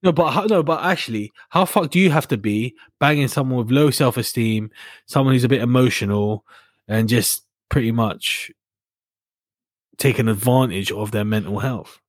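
A man's voice: medium pitch, moderate pace, dry recording. A man co-hosting a podcast in casual, jokey chat, often acting out what other people say. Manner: jokey, acts out quoted lines. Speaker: podcast co-host.

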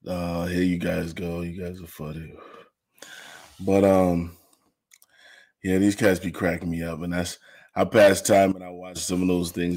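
A man's voice: sits low, a little mellow. A man hosting an informal online show, talking casually to his viewers, laid-back and slangy. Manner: laid-back, laughing often, slangy asides.

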